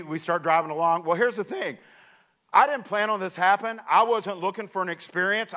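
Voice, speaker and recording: A man's voice: high voice, a bit bright. A man preaching, telling a folksy story with asides to the audience. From Kentucky. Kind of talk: storytelling sermon.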